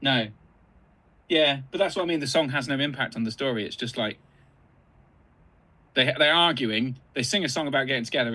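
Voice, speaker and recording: A man's voice: medium pitch, a little fast, pauses often, bright, forceful tone, rough recording. A man co-hosting a casual livestream, trading wry banter with short, dry replies. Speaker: co-host.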